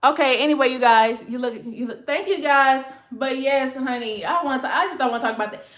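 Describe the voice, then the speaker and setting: A woman's voice: high-pitched, brisk. A woman, chatting casually and rambling to her livestream viewers, calling them y'all and honey. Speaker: livestream host. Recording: echoey room.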